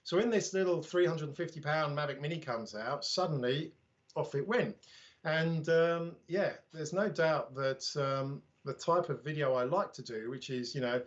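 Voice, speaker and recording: A man's voice: a little high, moderate pace. Chatty British man on a muffled line. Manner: chatty, self-deprecating, anecdotal. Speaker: drone YouTuber guest. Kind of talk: casual livestream chat.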